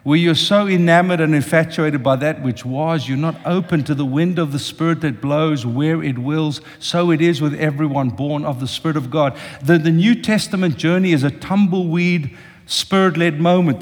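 Impassioned older preacher in a reverberant hall. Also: male voice, on the high side, normal speed. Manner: impassioned, speaks directly to the congregation. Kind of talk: sermon. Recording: long reverb of a large hall.

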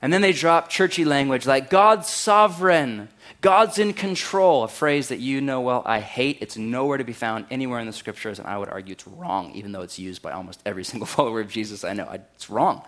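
A man, preaching a conversational sermon in a wry, animated way and raising his voice to act out quotes. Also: medium pitch, quick pace, hardly any pauses. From California. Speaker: pastor.

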